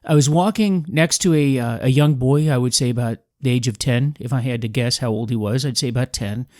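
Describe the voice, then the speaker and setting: A podcast host delivers an emphatic, combative political monologue in a preachy manner. His medium-pitched voice has a darkish tone and a slightly fast pace, captured dry and clean in the studio.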